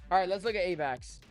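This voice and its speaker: A man's voice: sits high, a bit bright. A man hosting a live crypto trading stream, hyped and joking, chanting a catchphrase over and over. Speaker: host, crypto trader. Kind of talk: live-stream market commentary.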